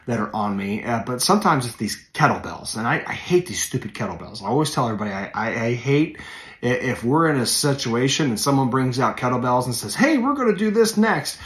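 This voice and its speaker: A man's voice: mid-range voice, fairly quick, fairly bright tone. A preacher in his forties talks through his podcast in an easy, rambling way, full of ums and restarts. He stresses the words he cares about. His mid-range voice sounds roomy, with the walls coming back on it. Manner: conversational, many fillers and self-corrections, leans in on key phrases. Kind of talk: casual devotional podcast talk.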